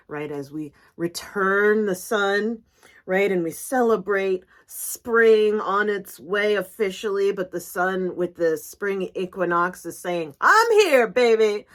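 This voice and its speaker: A middle-aged woman giving a spiritual business coaching talk, emphatic and animated, often asking "right?". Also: medium pitch. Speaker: executive coach and reiki teacher.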